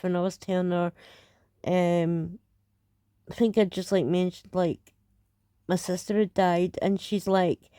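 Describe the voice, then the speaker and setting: A woman's voice: fairly low pitch, warm tone, clean tone, no room sound, clean studio sound. A Scottish woman reacting to videos in casual, hesitant commentary with many fillers.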